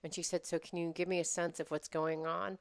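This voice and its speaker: A woman co-hosts a casual podcast and tells an animated story, stumbling over restarts and breaking into laughs. Her voice sits low and sounds smooth and clear. The recording is close and dry, with no room sound. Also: a little fast, no echo. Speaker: podcast co-host. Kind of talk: casual chat.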